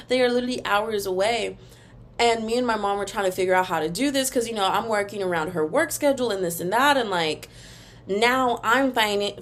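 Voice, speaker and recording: A young woman hosting a casual solo podcast, ranting in an animated, emphatic, rambling way, and now and then breaking into a taunting sing-song chant. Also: medium pitch. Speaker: podcast host.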